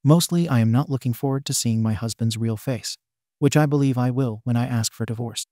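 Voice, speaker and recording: Male narrator for online story readings: warm, dark tone, dry close sound, steady first-person delivery. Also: mid-range voice, brisk, no echo. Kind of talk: scripted narration of online posts.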